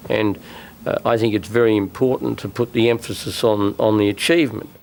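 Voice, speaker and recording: An older man, a former national leader, speaking in a documentary interview with a measured, insistent manner that sometimes repeats words. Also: lowish voice, fairly even intonation, vocal fry, darkish tone, slight background noise.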